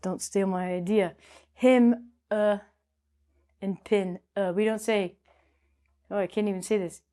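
A woman's voice: mid-range voice, fairly even intonation, measured pace, dark tone. A woman teaching English in a playful, chatty way, joking to herself as she explains. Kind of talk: casual spoken lesson.

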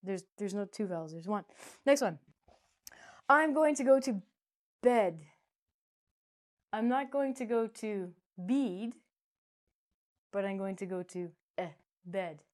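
A woman teaching English vowel pronunciation in a playful, jokey way, with loud whoops and quiet asides to herself. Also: mid-range voice, animated, unhurried, long pauses.

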